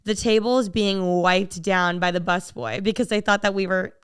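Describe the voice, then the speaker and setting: A woman's voice: medium pitch, moderate pace, clean tone. A woman hosting a podcast, telling a story in casual chat and acting out the voices of the people in it. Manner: animated, acts out voices in her story. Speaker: podcast host.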